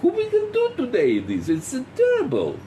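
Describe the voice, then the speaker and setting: A man's voice: very high voice, huge pitch swings, normal speed, warm tone, slight background noise, voice pushed up, exaggerated voice. A man voicing an outraged modern man who exclaims and pleads against an old law.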